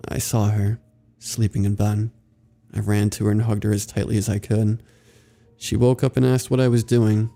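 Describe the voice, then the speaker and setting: Gravelly low-voiced man narrating horror. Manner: steady, somber storytelling.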